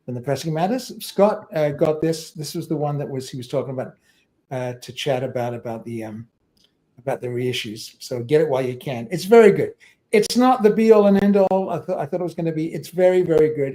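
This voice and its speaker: A man's voice: medium pitch, a little mellow. A middle-aged man hosting a casual music livestream, chatty and rambling, with many fillers. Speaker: livestream host.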